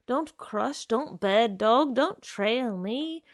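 A woman's voice: on the high side, lively intonation, very slow, no room sound, clean studio sound. A woman voicing a menacing, wheedling young man. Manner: coaxing, then snapping; slangy. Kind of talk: dramatic story reading.

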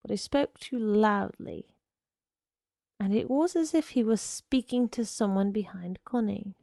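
A woman narrating a story in a measured, deliberate reading. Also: medium pitch, vocal fry, dark tone, no room sound, clean studio sound.

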